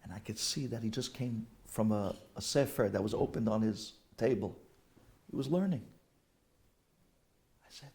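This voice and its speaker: A man's voice: on the low side, normal speed, long pauses, darkish tone. A middle-aged man, a rabbi, telling a heartfelt story in a sermon, using Hebrew and Yiddish terms.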